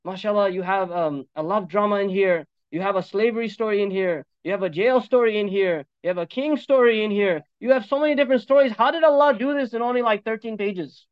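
A male preacher giving a sermon on Quran commentary, animated, with joking asides and switches between Arabic recitation and English. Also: high-pitched, fairly quick, few pauses, smooth, no echo. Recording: dull, dry lo-fi recording.

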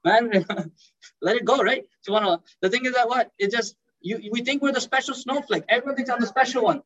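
A man's voice: extremely high pitch, brisk, a bit bright, highs cut off. A man giving a sermon as a Muslim preacher, speaking conversationally and addressing the audience as brother.

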